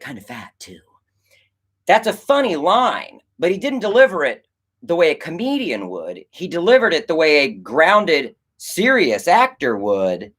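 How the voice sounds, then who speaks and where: A young man, a filmmaker, chatting casually on a livestream and answering chat, rambling and animated, swearing and acting out conversations. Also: a little high. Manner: animated, rambling, swears, acts out quoted exchanges.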